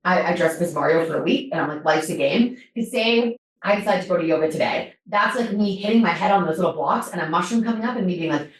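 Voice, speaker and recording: A woman guest on a podcast in casual chat, animated and swearing, with many fillers. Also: lowish voice, fast talker, few pauses, distant mic. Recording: very roomy, from off mic.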